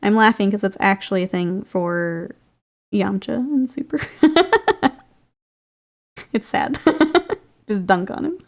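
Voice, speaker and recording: Woman streamer, casual chat, creaky, laughs often, talks to chat. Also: medium pitch, slow pace, long pauses. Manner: chatty, laughs often, reads and answers chat. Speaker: streamer painting miniatures.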